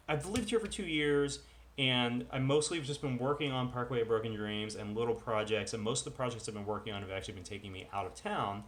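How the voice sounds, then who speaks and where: A man's voice: medium pitch, fairly bright tone. A man vlogging at home in casual chat, rambling and full of self-deprecating asides. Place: at home with dogs.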